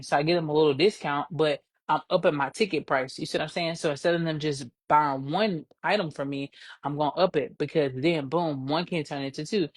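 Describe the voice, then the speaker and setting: Energetic woman coaching small businesses. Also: low-pitched, quick pace, dry recording. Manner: lively, emphatic, repeats points for stress. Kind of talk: casual live-stream business tips.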